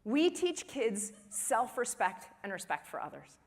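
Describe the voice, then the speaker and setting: A woman in her forties giving a humorous keynote speech at a conference, telling family stories in an animated way and acting out the dialogue. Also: a little high, a little slow. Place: large conference hall. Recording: long reverb of a large hall.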